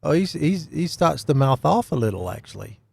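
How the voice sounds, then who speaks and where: A man's voice: on the high side, very animated, brisk, gravelly, a little mellow, breathy edge. A man teaching scripture in a casual, chatty way, often laughing and checking in with "right?". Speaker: Bible teacher.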